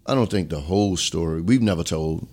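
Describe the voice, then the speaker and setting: A middle-aged man with a very low voice. He is a former police chief telling his story earnestly in an interview, dropping to a low hush at heavy moments. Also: fairly quick. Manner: earnest, reflective, drops to a low hush when emotional.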